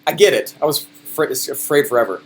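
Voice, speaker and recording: High-energy man coaching a group. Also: fast. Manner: high energy, emphatic, animated. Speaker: sales coach.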